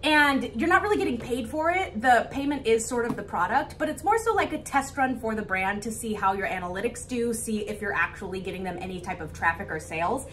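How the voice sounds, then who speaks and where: A woman's voice: on the high side, brisk, hardly any pauses, recorded from a distance, slight background noise. Bubbly young woman vlogging, a bit off-mic. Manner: bubbly, gushing, excitable. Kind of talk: casual vlog talk to camera.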